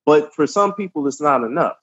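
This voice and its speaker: A man who works as a police officer, talking calmly and at length in a casual podcast conversation. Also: on the high side, breathy edge, lo-fi sound. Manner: calm, measured, explains at length.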